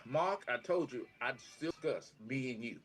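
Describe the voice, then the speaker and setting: A man's voice: mid-range voice, normal speed, faint music behind. A man in a casual sports debate, teasing the others and asking questions. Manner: teasing, asks questions, bright and expressive. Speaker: sports podcast panelist.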